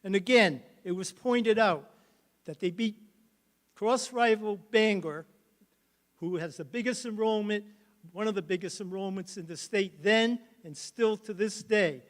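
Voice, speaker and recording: An older man who used to coach speaks haltingly and with emotion while being inducted into a hall of fame. His voice sits high.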